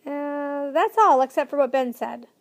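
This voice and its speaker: A woman's voice: sits high, a little slow, voice pushed up. A woman voicing a curious young boy who asks questions, in a storybook reading.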